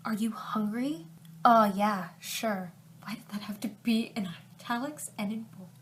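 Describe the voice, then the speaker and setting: A young woman reads fanfiction aloud for laughs, stopping for sarcastic asides, sinking into whispers and bursting out loudly. Her pitch is medium, with a slight hiss or hum in the audio.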